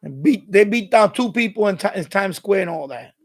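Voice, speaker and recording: On a casual live stream, a man rants in a high, gravelly voice, fairly quick with lively intonation. He rambles and repeats himself in streetwise slang. Retelling what others said, he slips into their lines and acts out the quoted exchanges.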